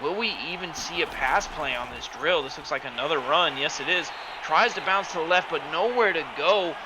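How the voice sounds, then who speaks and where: Excitable man calling football play-by-play. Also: on the high side, normal speed. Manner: excitable, bursts into shouts on big plays. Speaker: play-by-play commentator. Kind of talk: play-by-play commentary of a simulated football game. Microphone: home microphone that distorts when he yells. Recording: loud game crowd and noise underneath. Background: stadium crowd sound from the game.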